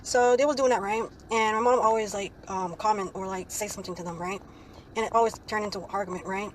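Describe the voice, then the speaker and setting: A woman's voice: mid-range voice, steady tone, quick pace, a little hiss or hum, low-quality recording. A young woman telling a story in a casual vlog, rambling with lots of "like, um" and ending her phrases with "right?". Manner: rambling, ends phrases with "right?" tag questions; frequent "like, um" fillers.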